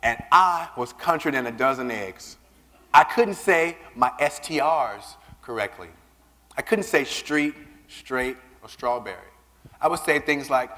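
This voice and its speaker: A man giving a keynote speech, telling personal stories in an animated way and acting out the voices of the people he quotes. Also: mid-range voice, a little slow. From Southern United States. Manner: animated, acts out quoted voices, repeats words when starting a line. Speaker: keynote speaker. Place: large conference hall. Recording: reverberant hall.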